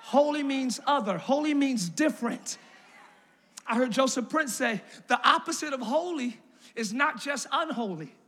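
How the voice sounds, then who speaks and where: A male pastor preaching a lively, playful sermon in a large church, often shouting to the congregation. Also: extremely high pitch, moderate pace.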